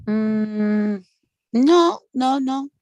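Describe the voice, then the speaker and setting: Slow-talking hesitant woman student. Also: on the high side, animated, a little mellow, dry recording, poor audio. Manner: hesitant, unsure answers. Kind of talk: practicing pronunciation in class.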